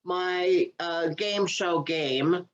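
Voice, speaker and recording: A woman's voice: lowish voice, drawn-out words, lo-fi sound. A woman co-hosting a comedy podcast, chatting casually and rambling with lots of fillers. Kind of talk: casual chat.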